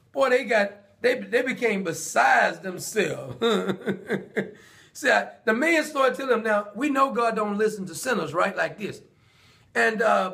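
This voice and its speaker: Man, sermon, high-pitched, gravelly, animated storytelling. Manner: animated storytelling, acting out the dialogue with laughs. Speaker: preacher.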